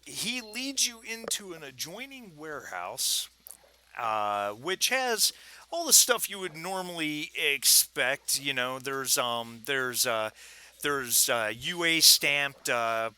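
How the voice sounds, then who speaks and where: Bright-voiced male game master. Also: a little high, big pitch swings, clean tone. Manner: halting, full of fillers. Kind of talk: narrating a tabletop game.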